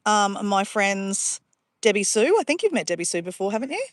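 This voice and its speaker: A woman's voice: a little high, lively intonation, normal speed, dry recording. An Australian woman chatting casually to livestream viewers outdoors by a pond, easily sidetracked and calling her viewers guys. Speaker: livestream vlogger.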